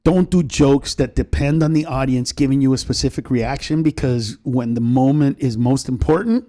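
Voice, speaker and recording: A man's voice: medium pitch, normal speed. A male comedian talking as a guest in a casual podcast interview, telling stories animatedly and swearing freely. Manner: animated storyteller, acts out other people's voices.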